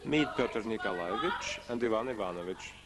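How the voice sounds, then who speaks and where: A man voicing every role of a stage play in a single dubbed voice, trading quick lines. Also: lowish voice, lively intonation, very noisy. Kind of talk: single-voice dubbed theater dialogue.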